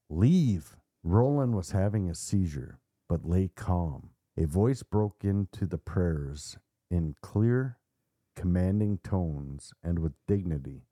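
A man hosting a podcast, retelling a story in a measured, dramatic way. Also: low-pitched, mellow, no room sound, clean studio sound. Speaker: podcast host.

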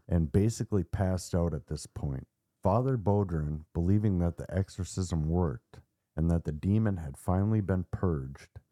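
A man hosting a podcast, narrating a dark story with theatrical suspense and casual asides. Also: low voice, no room sound, clean studio sound. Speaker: podcast host.

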